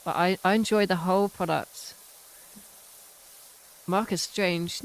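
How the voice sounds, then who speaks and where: A woman's voice: on the low side, measured pace, pauses often, a little hiss or hum. A British woman streaming a game, chatting casually in rambling, self-mocking tangents. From United Kingdom. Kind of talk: casual chat while playing a game.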